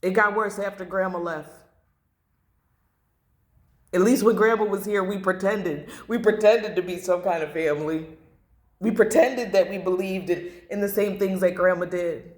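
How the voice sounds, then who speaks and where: A woman's voice: medium pitch, moderate pace, a little mellow. A woman doing a blunt, emotional tarot reading to camera, repeating phrases and swearing. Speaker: tarot reader. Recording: echoey room.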